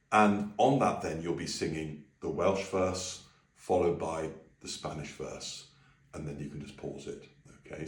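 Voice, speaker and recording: Lively man teaching a sung phrase. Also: roomy sound, recorded from a distance. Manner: sings phrases high to demonstrate. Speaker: music teacher. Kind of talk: singing lesson video.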